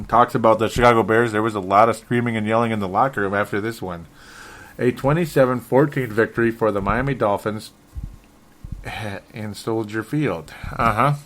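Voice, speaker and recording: A man's voice: fairly low pitch, moderate pace, a bit bright. A man hosting a solo sports talk show, frustrated and rambling, often correcting himself and chuckling. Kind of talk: solo sports podcast commentary.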